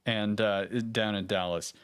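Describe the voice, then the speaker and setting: A man with a fairly low voice, a podcast guest chatting casually. He tells his stories in halting bursts full of restarts, with a dry, deadpan humor. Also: background noise. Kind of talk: casual chat.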